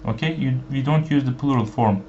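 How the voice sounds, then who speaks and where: A man whose first language is Turkish teaches an online language lesson, speaking slowly with many fillers and repeating each example phrase. His voice is medium-pitched and warm. The recording sounds dull and lo-fi, with a faint background hiss.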